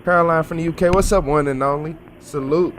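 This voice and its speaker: A relaxed male livestream host talks over footage, greeting his chatters one by one. His voice sits a little high, with noticeable noise in the stream audio. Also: fast. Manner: laid-back, greets chatters by name. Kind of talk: casual commentary over footage. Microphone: streaming mic.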